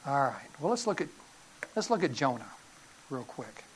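Middle-aged male preacher; animated, folksy sermon delivery with sharp swings from loud to hushed. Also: mid-range voice, normal speed, slight background noise. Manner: animated, folksy storytelling with sudden loud bursts and quiet drops. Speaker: pastor.

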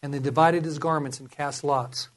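High-voiced man preaching earnestly. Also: steady tone, normal speed. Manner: earnest, urging, quotes scripture aloud. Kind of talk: sermon.

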